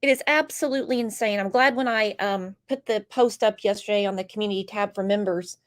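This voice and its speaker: A woman's voice: mid-range voice, brisk. A woman with a stuffed-up, congested voice hosting a true crime livestream, greeting viewers by name and giving blunt opinions in casual chat.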